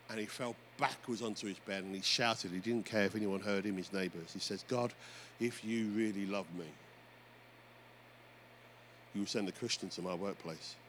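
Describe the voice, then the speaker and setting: A man preaching a sermon as pastor, telling stories with lively energy and calling out to the congregation. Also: lowish voice, normal speed. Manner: animated storytelling preacher, often addressing "folks". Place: church. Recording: faint background noise.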